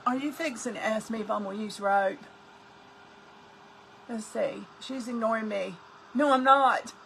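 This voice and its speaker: A woman's voice: medium pitch, normal speed, gravelly, slight background noise. An older woman, chatting folksily with viewers on a crafting live stream as host. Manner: chatty, folksy, talks to viewers while working.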